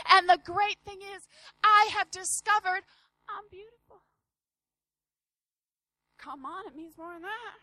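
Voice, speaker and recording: A woman in her forties preaching a sermon, telling a personal story with lively acted-out voices, swinging between loud and hushed. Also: extremely high pitch, unhurried, no room sound, low-quality recording. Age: 40s.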